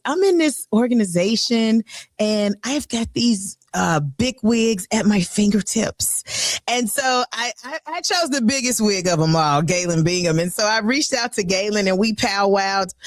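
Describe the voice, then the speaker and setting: A woman's voice: mid-range voice, animated, measured pace, dry recording, clean studio sound. Bubbly chatty woman radio host. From Chicago. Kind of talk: live radio talk show.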